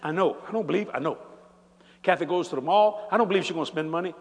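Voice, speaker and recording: An older man preaching a sermon in a large church, animated and folksy, building from easy talk to shouts. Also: fairly high pitch, racing, long reverb tail.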